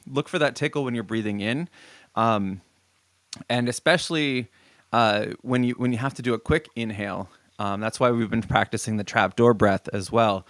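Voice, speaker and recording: A man's voice: mid-range voice, dry recording. Man coaching singing, dry close sound. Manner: relaxed, lots of ums and restarts. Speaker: vocal coach. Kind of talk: casual singing lesson.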